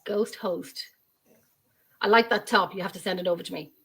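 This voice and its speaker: A woman's voice: mid-range voice, steady tone, moderate pace, creaky, fairly bright tone, husky. Irish woman, host, friendly repeats, video-call chat. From Ireland. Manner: chatty, repeats phrases.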